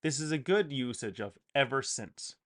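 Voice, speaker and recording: A man's voice: mid-range voice, lively intonation, moderate pace, fairly bright tone. A man teaching an English lesson, explaining grammar and reading example sentences aloud with emphasis.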